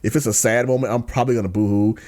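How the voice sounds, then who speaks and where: A man hosting a podcast in casual chat, slangy and ranting, dropping to low mumbles and then bursting into excited outbursts. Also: racing. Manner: slangy, lots of fillers and restarts. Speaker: podcast host.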